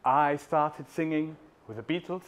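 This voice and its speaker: A man's voice: fairly high pitch, measured pace. A man in his fifties from Germany with a German accent, telling stories in a playful talk to an audience. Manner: playful, warm storyteller, sings snippets. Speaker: speaker at a talk. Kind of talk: storytelling talk.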